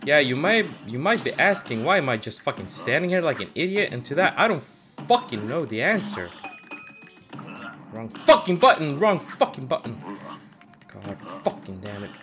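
A young man giving casual gaming commentary, swearing and frustrated, with loud outbursts. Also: mid-range voice, sing-song, a little fast, few pauses, faint music behind. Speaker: gameplay streamer.

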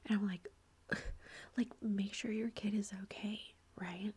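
A woman's voice: mid-range voice, fairly even intonation, moderate pace, a little mellow. A woman whispering a long rambling story as an ASMR chat, with lots of fillers. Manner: breathy whispering throughout. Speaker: ASMR creator.

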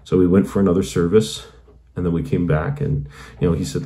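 A channel host with an extremely deep, dark and mellow voice recounts how he was converted. His delivery is brisk and fairly even in intonation, earnest and wandering, with frequent uses of "you know."

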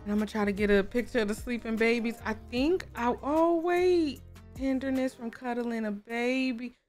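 A woman, hosting a casual, excitable let's-play and chatting to viewers as she plays. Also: a little high, moderate pace, faint music behind. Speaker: gaming video host. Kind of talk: casual game commentary.

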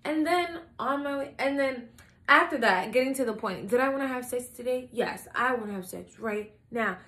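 A woman's voice: a little high, moderate pace. A young woman talking in a casual confessional vlog, blunt and swearing, acting out her own lines as she tells stories. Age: young adult. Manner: animated storytelling, acting out her own quotes. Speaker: vlogger. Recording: echoey room with faint ambient noise.

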